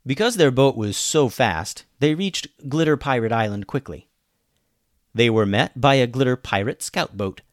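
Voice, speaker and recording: A man narrating a children's adventure story with an expressive, animated delivery. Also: medium pitch, moderate pace, dry recording, studio quality.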